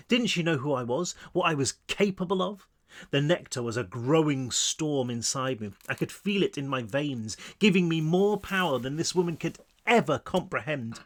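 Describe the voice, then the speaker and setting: Brief: male author reading his own book, lively rising-and-falling delivery, slightly higher voice. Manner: expressive reading with wide pitch swings, asides to listeners. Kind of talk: first-person book reading. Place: home. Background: child screaming downstairs.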